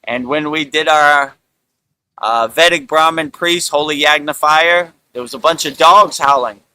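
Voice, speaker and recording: Bright-voiced man rambling casually. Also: fairly high pitch, a little slow, a little hiss or hum, low-quality recording. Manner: relaxed, rambling, many fillers like "you know". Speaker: spiritual teacher and show host. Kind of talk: casual spiritual talk.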